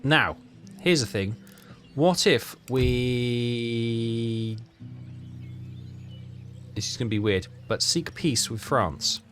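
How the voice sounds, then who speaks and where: A man giving casual commentary on a strategy game, thinking aloud with halting, self-correcting phrases. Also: mid-range voice, a bit bright, faint music behind. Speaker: gaming channel host.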